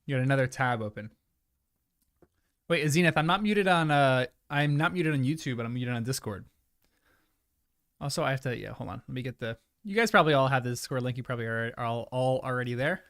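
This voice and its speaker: A man's voice: mid-range voice, a little fast, a bit bright, no room sound, studio quality. Chatty man hosting a casual livestream. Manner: rambling, chatty and apologetic. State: chewing food at times. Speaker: livestream host. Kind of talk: casual chat with live viewers.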